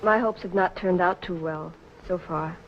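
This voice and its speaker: A woman's voice: fairly low pitch, normal speed, a little hiss or hum, lightly acted. An actress playing a reserved young woman meeting an old admirer, in 1940s film acting on dull lo-fi old film sound. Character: young woman, guarded former sweetheart.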